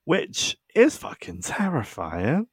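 A man's voice: fairly high pitch, wildly swooping pitch, takes it slowly, husky. A young British man co-hosting a podcast in loose, casual chat, swearing freely and filling gaps with "um" and "like". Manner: loose and chatty, swears, many "um"s and "like"s. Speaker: podcast co-host.

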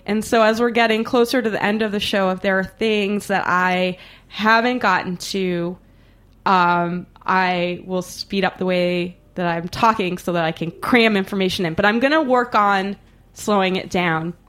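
A woman hosting a live podcast, talking quickly and excitedly, laughing often. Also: medium pitch. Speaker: podcast host. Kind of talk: casual chat. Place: studio, live show.

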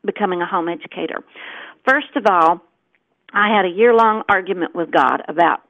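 A middle-aged woman co-hosting a talk show tells a personal story in an earnest, chatty manner, acting out the dialogue as she goes. Her fairly low voice is expressive, moderately paced and fairly bright. The audio is a tinny, dry phone line with no room sound.

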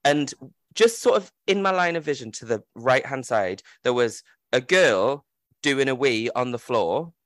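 A man in his thirties tells a story on his podcast, candid and self-mocking, breaking into laughs. His pitch swings widely, and the recording is dry and close. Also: expressive, a little slow, a bit bright, dry recording. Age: 30s. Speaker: podcast host. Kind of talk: casual storytelling chat.

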